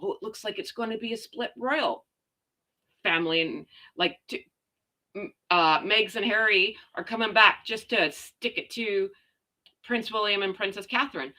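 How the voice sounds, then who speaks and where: A woman's voice: medium pitch, normal speed, pushed and bright. A woman hosting a casual gossip livestream, reading out viewer comments and ranting sarcastically. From Canada. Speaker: royal gossip livestream host.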